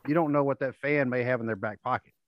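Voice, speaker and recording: A man's voice: mid-range voice, steady tone, fast talker, no echo. Rambling man, dull dry recording. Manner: rambling storyteller, acts out quotes. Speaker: podcast host. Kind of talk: casual chat.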